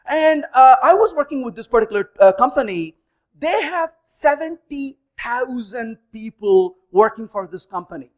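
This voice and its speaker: Animated storytelling man speaker. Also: very high-pitched, normal speed. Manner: animated, acts out dialogue in stories. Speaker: conference speaker. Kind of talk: storytelling technical talk.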